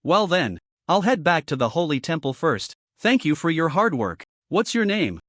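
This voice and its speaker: Man voicing a cocky young swordsman lead, plotting and smug, bright and dry. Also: a little high, big pitch swings, moderate pace, no echo. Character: young male swordsman hero, cocky and scheming.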